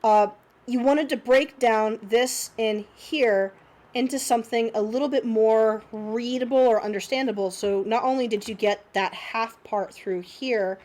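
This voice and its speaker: A woman's voice: on the high side, fairly even intonation, measured pace, darkish tone. A young woman teaching an unscripted art lesson, critiquing student drawings in a chatty, encouraging way with many fillers and restarts, sounding slightly congested.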